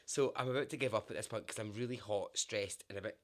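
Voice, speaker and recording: A Scottish man hosting a podcast, telling a story in a casual, animated way, laughing often and swearing now and then. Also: on the low side, quick pace.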